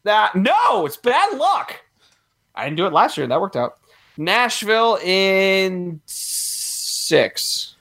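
A young man co-hosting a casual sports chat, animated and laughing often as he thinks aloud. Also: high voice, normal speed, slightly rough. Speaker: podcast co-host.

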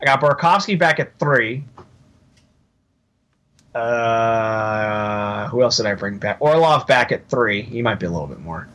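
A man co-hosting a podcast in casual chat, rambling and joking as he thinks out loud. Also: medium pitch, lively intonation, a little slow, pauses often. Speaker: podcast co-host.

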